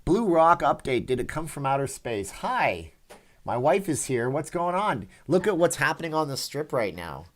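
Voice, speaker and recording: A man's voice: on the high side, big pitch swings, normal speed. Chatty middle-aged man livestreaming. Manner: chatty, rambling, self-mocking, swings loud and soft. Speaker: livestream host. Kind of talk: casual live chat reading comments. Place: Las Vegas.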